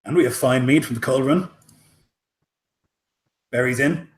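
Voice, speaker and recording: A man's voice: mid-range voice, a little slow, lightly acted. A game master doing a welcoming harbor townsman, fumbling and chatty, echoey room. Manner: hospitable, hesitant with many fillers. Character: welcoming male dockside townsman, chatty host.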